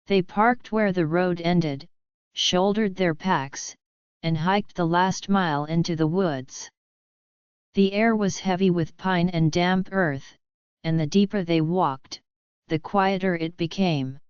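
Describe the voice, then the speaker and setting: Very slow, soft-spoken woman narrator. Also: on the low side, clean tone, dry recording, muffled recording. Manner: slow, soft, hushed and atmospheric. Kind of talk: calm bedtime horror narration.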